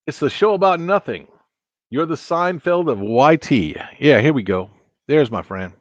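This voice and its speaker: A man's voice: on the high side, expressive, normal speed, no room sound, dull audio. A man hosting a casual live stream, talking and joking straight to his viewers. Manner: chatty, joking, talks to viewers directly.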